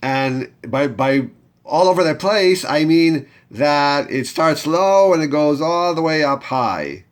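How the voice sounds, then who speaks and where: A man's voice: a little high, lively intonation, slow. A man teaching a step-by-step chanting lesson, patiently talking learners through each step and having them repeat after him. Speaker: Torah reading teacher.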